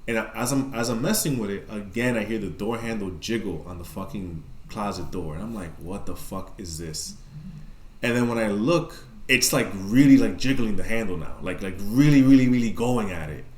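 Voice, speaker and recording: Talking fairly quickly with hardly any pauses, this podcast guest has a fairly low-pitched voice in a reverberant space. He's a New Yorker spinning a casual, animated yarn, heavy on profanity and fillers.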